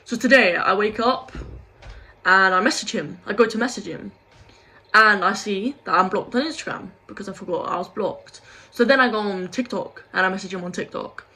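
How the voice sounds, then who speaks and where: A woman's voice: mid-range voice, moderate pace, bright, forceful tone, low-quality recording. Young woman, casual vlog rant, frustrated, rambling, swears a lot. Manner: frustrated, rambling, swears, heavy use of 'like'. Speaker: vlogger.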